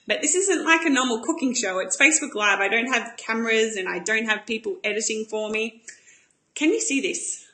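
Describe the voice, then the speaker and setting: Bubbly woman, bright and high. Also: echoey room. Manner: bubbly, enthusiastic, chatty. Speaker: cooking show host. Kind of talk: live-streamed cooking demonstration.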